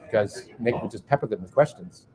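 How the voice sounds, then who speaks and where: A man's voice: fairly low pitch, fairly quick, a crowd in the background, low-quality recording. A man being interviewed in a pub, chatting in an amused, casual way.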